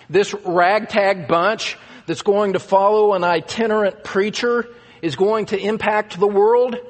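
A man's voice: high voice, big-room sound. A man preaching a sermon as pastor, earnest and emphatic, stressing key words again and again.

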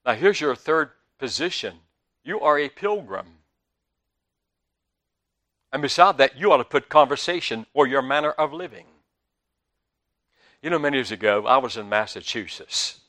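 An older man with a Southern US accent preaching a sermon, telling stories with big swings between loud and soft. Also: mid-range voice, moderate pace, long pauses. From Southern United States. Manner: animated storytelling with big swings in loudness.

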